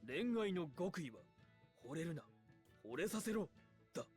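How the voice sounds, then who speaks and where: Brash, high, fast-talking game hero who boasts about romance. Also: male voice, very animated, darkish tone, faint music behind. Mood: boastful. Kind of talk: Japanese game voice acting.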